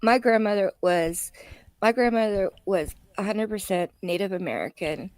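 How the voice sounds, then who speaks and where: A woman's voice: medium pitch, moderate pace, darkish tone, no echo. A woman co-hosting a casual podcast discussion, chatty, with drawling asides. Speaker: podcast co-host.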